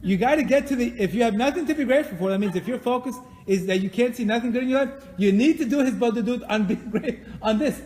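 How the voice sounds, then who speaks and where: A man with a very high, slightly mellow voice talks fast with few pauses, leading a weekly religious class live in a synagogue or class hall. He is emphatic and repeats phrases, acting out the prayers he quotes. There is slight background noise and a long hall reverb.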